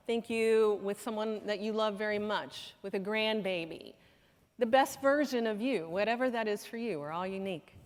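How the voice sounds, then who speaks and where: A woman giving a conference talk, telling a story in an earnest way and acting out the quoted dialogue. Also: fairly high pitch. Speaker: conference speaker. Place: conference hall. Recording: hall reverb.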